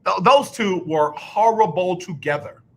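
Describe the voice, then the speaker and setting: Man, sports radio host, slightly high voice, blunt opinionated rant, repeats himself. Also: unhurried. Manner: mocks others with exaggerated announcer impressions. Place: radio studio.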